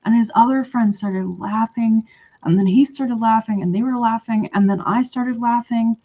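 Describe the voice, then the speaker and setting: A woman's voice: a little high, fairly even intonation, moderate pace, mellow. Rambling woman on a dull lo-fi recording. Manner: rambling, hesitant, trailing off. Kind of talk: casual storytelling monologue.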